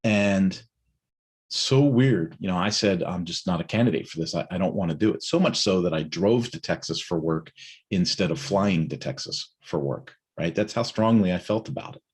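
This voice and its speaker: A man's voice: sits low, moderate pace, breathy edge. A middle-aged man casually talking through his day in a rambling morning check-in, with lots of fillers and tag questions. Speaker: host of a morning check-in live stream. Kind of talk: casual personal monologue.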